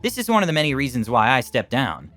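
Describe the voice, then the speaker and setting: A man giving an expressive, scripted narration of first-person internet stories. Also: mid-range voice, fast.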